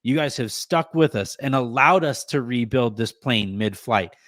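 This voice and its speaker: A man in his thirties hosting a sports podcast from home, holding back tears as he gives a rambling, halting thank-you full of restarts and fillers. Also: medium pitch, animated, a bit bright, dry recording. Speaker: podcast host.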